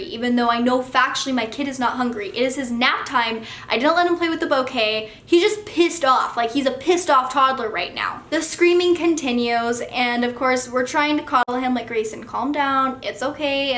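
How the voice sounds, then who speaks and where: Chatty young woman, high voice. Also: fairly quick, few pauses, echoey room, a little hiss or hum. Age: young adult. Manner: animated, profane, chatty. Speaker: vlogger, young mother. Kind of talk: casual storytime.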